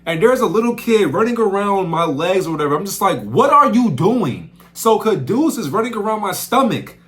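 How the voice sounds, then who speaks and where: A young man working as a camp counselor, telling stories in a casual, slangy way that swings up into loud outbursts. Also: sits high. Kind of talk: casual storytelling vlog.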